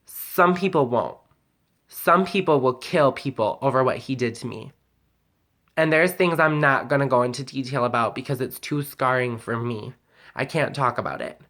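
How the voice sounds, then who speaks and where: A woman's voice: a bass voice, moderate pace, a bit bright. A woman talking straight to camera in a personal vlog, heated and venting, sometimes close to tears. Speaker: vlogger.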